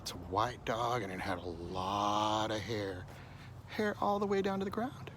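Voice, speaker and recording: Animated low-voiced male storyteller. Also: moderate pace, slight background noise. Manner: animated, drops to hushed asides. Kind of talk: told story.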